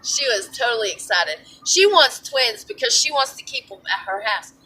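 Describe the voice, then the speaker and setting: A young woman with a Southern US accent tells a personal story in a chatty, excitable way, her voice sitting high. She sits back from the microphone, and a steady background noise runs under her words. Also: moderate pace. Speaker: vlogger. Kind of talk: casual chat to camera. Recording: distant mic with background noise.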